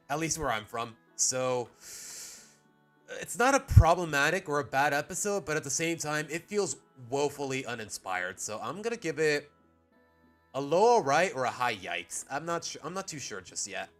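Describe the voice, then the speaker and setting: Fairly high-pitched and fairly bright, this man from Mexico rambles casually on a live stream while ranking cartoon episodes. He's opinionated and often cuts himself off mid-sentence.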